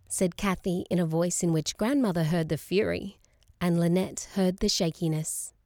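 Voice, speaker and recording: A woman's voice: lowish voice, dry recording. Woman reading a novel, dry close mic. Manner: measured, expressive storytelling. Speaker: audiobook reader. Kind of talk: scripted narration.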